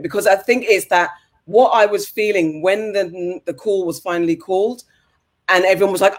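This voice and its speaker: High-voiced man musing wryly. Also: a little fast. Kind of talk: casual podcast chat.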